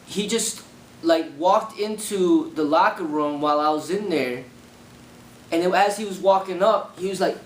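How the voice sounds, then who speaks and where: A young man casually recounting personal experiences in a rambling way, full of repeated fillers. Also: moderate pace. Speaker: martial arts channel host. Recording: echoey room with faint rumble.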